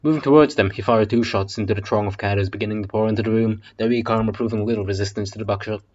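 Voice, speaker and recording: Man, casual audiobook reader, low voice, joking and cursing, lo-fi muffled audio. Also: fairly even intonation, fast, darkish tone. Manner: swearing, joking asides. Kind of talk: casual audiobook reading with asides. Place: basement.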